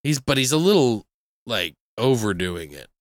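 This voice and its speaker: A man's voice: mid-range voice, very animated, moderate pace, no echo. A man in casual chat, animatedly recapping a movie plot with swearing, laughter and impressions of the characters.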